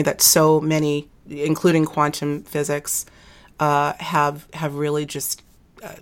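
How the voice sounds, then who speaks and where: A woman hosting an interview, chatty and quick to laugh, losing her voice and clearing her throat. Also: sits low. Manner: chatty, laughs often, many fillers. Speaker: podcast host. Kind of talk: casual interview chat.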